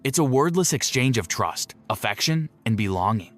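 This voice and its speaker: Man narrating in a slow, emotive voice. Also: medium pitch, lively intonation. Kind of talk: scripted narration. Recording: soft music beneath the voice.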